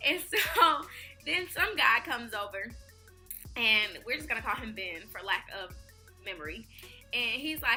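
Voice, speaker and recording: A young woman shares a chatty storytime as a vlogger, slipping into the voices of people she describes. Her voice is high and very bright. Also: lively intonation, a little slow, soft background music. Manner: chatty, acts out quoted people. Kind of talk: casual storytime.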